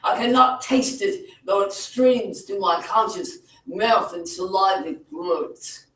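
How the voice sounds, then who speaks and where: High-voiced man in theatrical spoken word. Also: takes it slowly. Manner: theatrical, swinging from quiet to shouting. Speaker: open mic poet. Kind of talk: spoken word poetry performance. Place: cafe venue. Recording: echoey room, mic far off.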